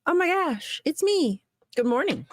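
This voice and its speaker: A woman's voice: high-pitched, measured pace, slight background noise. Exasperated woman telling a story. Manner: animated storytelling, exasperated, laughs often. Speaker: show guest. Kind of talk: casual chat.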